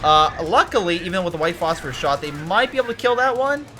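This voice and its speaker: Excitable ranting male game commentator. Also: sits high, quick pace. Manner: excitable, ranting, swears, swings from mutters to yelling.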